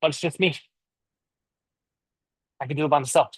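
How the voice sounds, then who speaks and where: A man's voice: on the high side, fairly even intonation, normal speed, slightly rough. A Canadian man teaching English, chatting casually and joking with his viewers during a live class. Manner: chatty, joking, self-deprecating.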